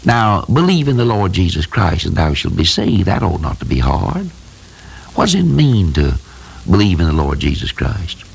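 A man's voice: low-pitched, sing-song, normal speed, creaky, slightly rough. A man preaching a sermon in a folksy, plain-spoken, emphatic way, telling simple stories.

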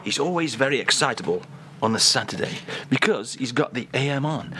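A man hosting a comic radio segment, playful and teasing, with quick asides. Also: mid-range voice, animated, noisy background. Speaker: radio host.

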